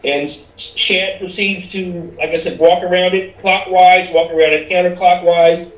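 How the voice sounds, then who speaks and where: A man's voice: sits high, flat delivery, a little slow. A man playing a tabletop game, eagerly describing his character's actions. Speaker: player. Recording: roomy distant mic.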